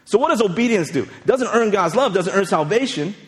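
Man preaching, slightly high voice, conversational, storytelling, lingering hall echo. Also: animated, a little fast. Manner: chatty, storytelling, frequent "right?" asides. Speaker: pastor. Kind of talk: casual conversational sermon.

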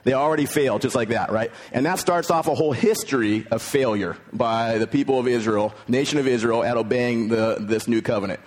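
A man's voice: medium pitch, a little fast, few pauses. Man preaching a conversational sermon. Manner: conversational preaching, paraphrasing scripture in everyday words. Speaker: pastor.

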